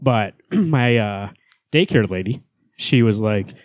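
A man's voice: lowish voice, expressive, takes it slowly, dry recording, studio quality. A man in his thirties co-hosting a podcast, rambling casually, laughing often and swearing now and then. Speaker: podcast co-host. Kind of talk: casual chat.

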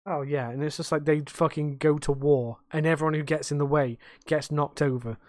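A young man rants through a casual podcast chat, swearing freely. His voice sits fairly high, and the sound is close and dry. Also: steady tone, brisk, a little mellow, no echo. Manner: sweary, ranting. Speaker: podcast co-host.

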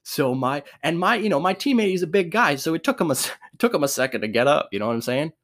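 A man's voice: on the high side, big pitch swings, quick pace, a bit bright. A young man telling a sports story casually, laughing often, swearing and restarting his sentences.

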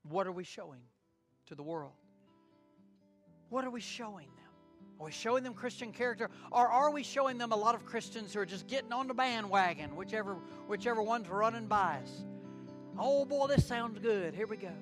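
A man's voice: high-pitched, a little fast, fairly bright tone, soft background music. A man preaching a sermon in an earnest way, repeating key phrases for emphasis.

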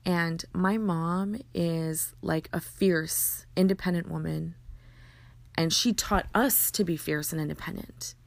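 A woman's voice: lowish voice, fairly even intonation, slow, creaky, no room sound. A woman earnestly telling a personal story, acting out the dialogue and often restarting her sentences. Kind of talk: personal story told in conversation.

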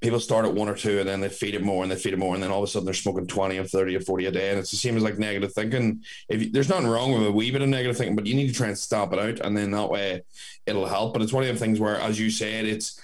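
A man's voice: on the low side, steady tone, very fast. A young man in casual chat, rambling and blunt, often correcting himself mid-sentence.

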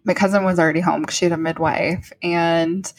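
A woman with a slightly low, husky voice chats casually. She tells her story in a loose, rambling way, laughing often and leaning on filler words. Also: steady tone, a little fast. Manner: chatty storyteller, frequent laughter, many "like" fillers. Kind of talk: casual chat.

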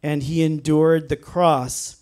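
A man preaching a sermon in a church, earnest and emphatic, slowing down to stress key phrases and reading scripture aloud. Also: on the high side, steady tone, a little mellow. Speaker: pastor.

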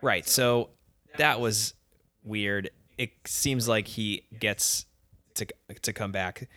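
A man's voice: on the low side, slow pace, bright, forceful tone, dry recording. A man co-hosting a podcast, recapping events in casual chat and laughing easily. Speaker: podcast co-host.

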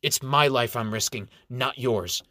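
A man's voice: medium pitch, unhurried, bright, forceful tone, dry recording. A man voicing a young, idealistic male elf who speaks earnestly and with determination.

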